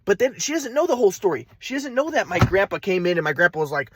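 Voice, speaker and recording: Rambling agitated man, lively pitch. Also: quick pace, husky. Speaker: vlogger. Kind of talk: casual storytelling monologue.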